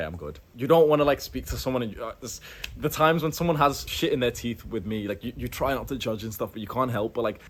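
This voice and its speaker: A young man talking straight to camera, giving blunt self-improvement advice in a casual, filler-heavy way with lively bursts of emphasis. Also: fairly low pitch. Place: in Thailand, indoors.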